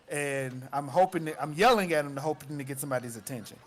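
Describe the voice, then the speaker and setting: A man's voice: on the high side, fast talker. A man playing a tabletop role-playing game who talks in a hesitant way, with many fillers and restarts. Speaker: player.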